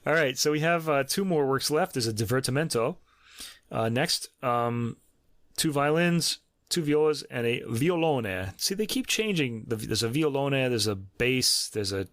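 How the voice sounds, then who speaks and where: A man's voice: medium pitch, lively intonation, a little slow, fairly bright tone, no echo, clean studio sound. Chatty New York man reviewing music. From New York City. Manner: chatty, hesitant with many ums and restarts, laughs often. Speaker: podcast host. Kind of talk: casual music review chat.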